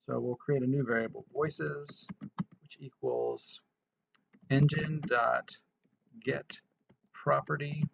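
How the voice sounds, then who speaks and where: A man's voice: mid-range voice, steady tone, slow pace, vocal fry, pauses often, fairly bright tone, lo-fi sound, a little hiss or hum. A man casually walking through a programming tutorial, thinking aloud with frequent restarts and fillers. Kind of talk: casual screen-recorded coding tutorial.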